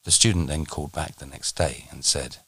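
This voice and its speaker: A man teaching on a podcast, speaking in a measured, deliberate way and slowing down for emphasis. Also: a bass voice, steady tone, sharp tone, breathy edge, no room sound. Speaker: meditation teacher.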